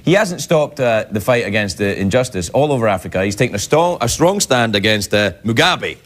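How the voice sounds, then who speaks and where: A man's voice: fairly low pitch, very animated, a little fast, fairly bright tone. A middle-aged Scottish man giving a rambling, playful comedic monologue as a late-night talk show host. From Scotland. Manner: rambling, self-interrupting, playful. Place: television studio with live audience.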